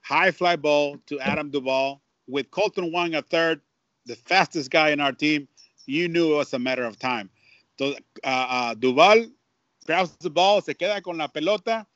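A man's voice: a little high, normal speed, no echo. A man from Mexico, a baseball broadcaster telling stories in a casual interview with lots of restarts and repeats. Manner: animated storyteller, many restarts and repeats. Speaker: Spanish-language baseball broadcaster. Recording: dull lo-fi dry sound.

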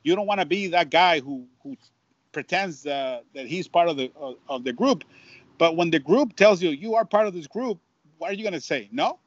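Man, broadcaster telling stories in an interview, animated with restarts; dull lo-fi sound. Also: fairly high pitch, moderate pace, no room sound. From Mexico. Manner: animated storyteller, many restarts and repeats. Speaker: Spanish-language baseball broadcaster. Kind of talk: casual storytelling interview.

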